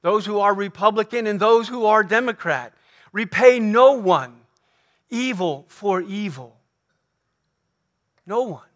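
A man preaching a sermon as pastor, earnest and emphatic, repeating key phrases and slowing down to stress quoted lines. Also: high-pitched, fairly bright tone. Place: church sanctuary.

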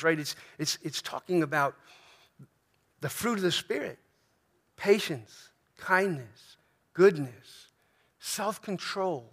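A male pastor preaching a sermon earnestly, dropping into soft, prayerful tones. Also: high voice.

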